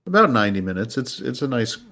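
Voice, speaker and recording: A man's voice: medium pitch, sing-song, quick pace, sharp tone. A man hosting a podcast, chatting casually about films in a rambling way full of fillers and restarts. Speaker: podcast host. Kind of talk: casual chat reviewing films.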